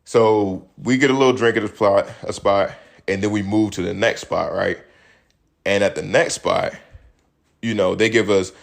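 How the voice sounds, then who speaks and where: Low-voiced man ranting casually. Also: vocal fry. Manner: loose, profane, animated storytelling with bursts of laughter. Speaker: podcast host. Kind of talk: casual solo commentary.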